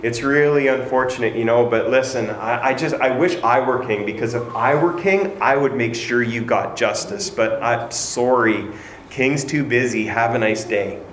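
A scheming young prince who schmoozes people with false sympathy and a shaky put-on accent, as a preacher acts him out mid-sermon. The sound carries a roomy echo, with a faint hum of ambience behind it. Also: male voice, medium pitch, moderate pace, fairly bright tone, close to an everyday voice. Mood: falsely sympathetic. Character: smooth-talking scheming young prince, man. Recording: echoey room.

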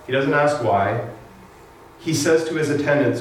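A man's voice: medium pitch, normal speed, pauses often, slight background noise. A man preaching a casual sermon, retelling scripture with humorous asides. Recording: echoey room, distant mic.

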